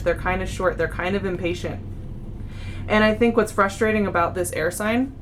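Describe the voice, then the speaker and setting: A woman's voice: mid-range voice, moderate pace, slight background noise. A young woman giving a casual monthly tarot reading, chatty, with frequent fillers and restarts. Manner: chatty, warm-hearted, many fillers and restarts. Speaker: tarot reader.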